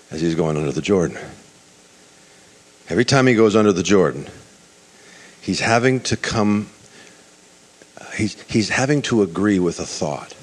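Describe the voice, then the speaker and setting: A man's voice: low-pitched, breathy edge. A man preaching a sermon, retelling a scripture story with many restarts and acting out the characters' lines.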